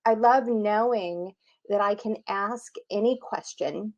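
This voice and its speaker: A woman's voice: mid-range voice, slow. Playful woman in her fifties, lo-fi. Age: 50s. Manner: animated, playful, frequent "you know". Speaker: host. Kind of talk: casual spiritual talk-show chat. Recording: dull lo-fi audio.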